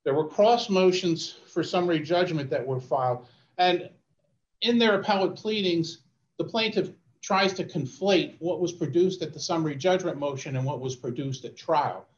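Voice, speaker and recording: A man, an attorney, giving a formal oral argument in court, measured and often restarting his phrases. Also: on the high side, echoey room, highs cut off. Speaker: attorney arguing an appeal.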